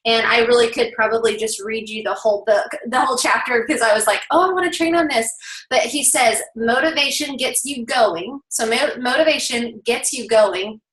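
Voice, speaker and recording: A woman in her thirties leading her team on a video call, telling a story with lively energy and talking straight to her listeners. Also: on the high side, roomy sound, poor audio. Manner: animated storytelling, addresses listeners directly. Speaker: team leader.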